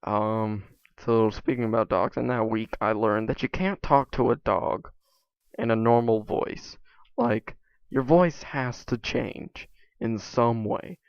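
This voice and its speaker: A man's voice: medium pitch, takes it slowly, creaky, clear, resonant tone, no room sound, lo-fi sound. A teenage boy chatting casually while playing a game, rambling with lots of fillers and trailing thoughts. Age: teens. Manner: rambling, many fillers, drifts off mid-thought. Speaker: gaming vlogger.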